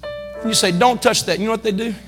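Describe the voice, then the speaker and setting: High-voiced preacher in an echoey church. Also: male voice, fairly quick, faint music behind. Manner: emphatic, swings between loud calls and quiet asides. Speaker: pastor. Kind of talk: sermon. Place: church sanctuary.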